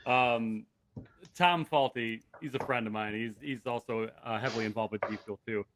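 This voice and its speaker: A man's voice: medium pitch, normal speed, background noise. A man hosting a live stream, casually reading out viewer questions with an easygoing manner. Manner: easygoing, laughs often. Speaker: stream host.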